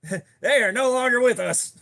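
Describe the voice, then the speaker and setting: A man with a drawl hosts a casual live stream, chatting easily and greeting viewers by name. His voice sits unusually high and sounds bright and forceful. He keeps a laid-back, friendly pace. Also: vocal fry. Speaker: livestream host.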